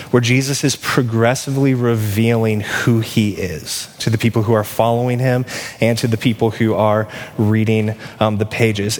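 A man preaching a sermon in a conversational way, acting out dialogue with lively restarts. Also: medium pitch. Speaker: pastor. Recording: long hall reverb.

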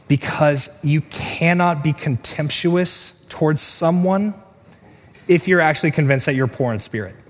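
A pastor delivering an earnest sermon, moving between quick asides and slow, stressed lines. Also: male voice, medium pitch. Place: church sanctuary. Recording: reverberant hall, faint room noise.

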